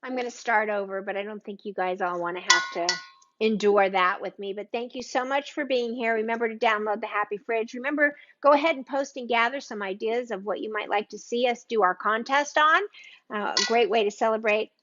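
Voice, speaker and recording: A woman's voice: fairly high pitch, brisk, fairly bright tone, dull audio. A woman hosting a live cooking stream from her home kitchen, chatting with viewers by name in an exclamatory way. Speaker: cooking show host.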